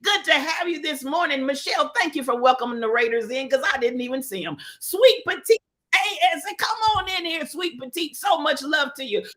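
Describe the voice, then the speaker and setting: High, bright, emphatic woman streamer. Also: moderate pace. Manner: animated, greets viewers by name, preachy and emphatic. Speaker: livestream host. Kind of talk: live-stream chat and commentary.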